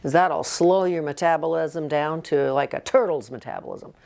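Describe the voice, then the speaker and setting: A woman's voice: deep voice, normal speed, vocal fry, darkish tone. A woman in her sixties, a nurse practitioner, telling personal stories earnestly in an interview and acting out what others said. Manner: earnest storytelling, acting out quoted voices. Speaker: nurse practitioner and health coach, guest. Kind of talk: casual interview talk.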